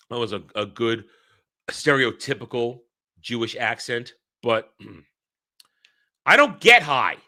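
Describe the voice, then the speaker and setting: A man tears into a film in a blunt, exasperated rant, swearing freely and hammering his points by repeating them. His voice is bright and forceful, sits a little high, and swings up and down in pitch. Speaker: film reviewer. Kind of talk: ranting film review.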